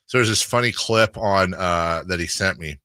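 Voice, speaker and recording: Animated low-voiced male radio host. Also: normal speed, smooth, no room sound. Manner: animated storyteller, laughs often. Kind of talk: casual chat. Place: radio studio.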